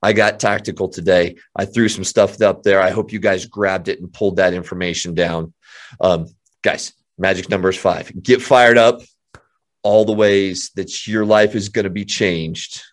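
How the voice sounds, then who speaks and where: A man coaching real estate agents in an energetic motivational talk, emphatic and often repeating himself. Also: sits low, normal speed.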